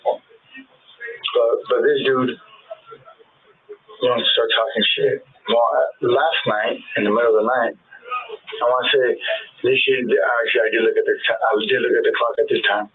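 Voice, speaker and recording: A man's voice: mid-range voice, fairly even intonation, a little slow, long pauses, slightly rough. A man from Northern California giving a rambling, profane statement in a police interrogation, acting out the arguments he describes. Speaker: interview subject. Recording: tinny lo-fi interrogation recording with faint hiss.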